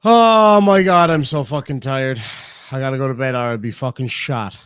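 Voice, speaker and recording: A man's voice: mid-range voice, moderate pace, fairly bright tone, clear, resonant tone, dry recording, studio quality. Swearing Irish man streaming. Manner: heavy swearing, laughing, chatty. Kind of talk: casual stream commentary on clips.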